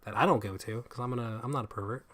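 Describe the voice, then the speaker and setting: A man's voice: mid-range voice, very fast, noisy background. A man hosting a live streamed chat show, talking casually and stumbling over his words. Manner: animated, self-deprecating, stumbles over words. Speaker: show host. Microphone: streaming mic.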